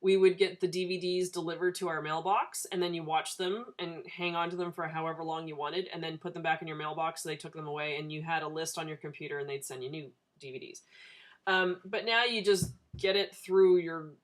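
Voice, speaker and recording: A woman's voice: low voice, steady tone, a little fast. A woman in her thirties chatting casually to a camera for her video diary, rambling from topic to topic and laughing often. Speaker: vlogger. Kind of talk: casual chat.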